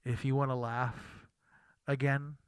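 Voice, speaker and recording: A man's voice: medium pitch, level tone, unhurried, clean tone, no room sound, studio quality. A man co-hosting a casual podcast, rambling and cutting himself off mid-sentence. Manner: rambling, self-interrupting, laughs easily. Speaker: podcast co-host.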